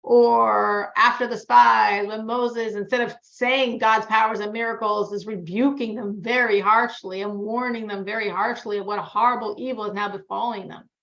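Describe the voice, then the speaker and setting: A woman's voice: a little high, creaky. A woman teaching a religious class, telling stories and acting out the characters' lines as she quotes them. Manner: storytelling, animated quoting of characters. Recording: echoey, dull lo-fi room sound.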